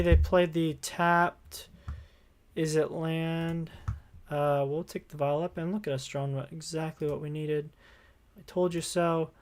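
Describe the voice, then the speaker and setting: A streamer talks through a live card game, thinking aloud move by move. The tone is casual and upbeat, with a voice sitting at an ordinary middle pitch. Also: darkish tone. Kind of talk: live gameplay commentary.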